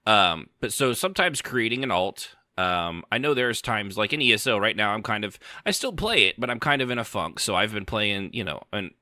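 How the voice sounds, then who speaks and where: A man's voice: lowish voice, sing-song, normal speed, hardly any pauses, sharp tone, dry recording, studio quality. A man hosting a casual gaming podcast, rambling with many restarts and fillers. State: hiccups. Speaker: podcast host. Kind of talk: casual chat.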